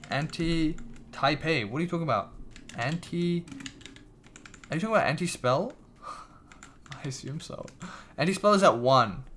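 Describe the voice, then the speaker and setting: There's a little hiss or hum as a man with a mid-range, somewhat bright voice streams a card game. His casual live-stream chat is full of restarted sentences and offhand swearing, and he reads viewers' messages aloud.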